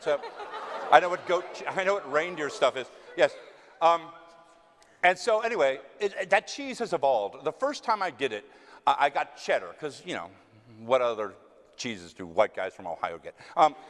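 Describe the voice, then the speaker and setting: On a theater stage with long hall reverb, a West Texas actor with a Texan accent tells stories in a casual Q&A, answering audience questions. His voice is a little high and a bit bright, very animated, at a normal speed. He pokes fun at himself and performs the voices of the people he quotes.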